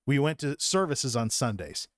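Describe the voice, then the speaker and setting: A man's voice: mid-range voice, big pitch swings, moderate pace, dry recording, clean studio sound. A middle-aged man from Massachusetts telling a rambling, self-deprecating story about his own life in a vlog. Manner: rambling, self-deprecating, with frequent restarts and chuckles. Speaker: vlogger. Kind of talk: personal storytelling monologue.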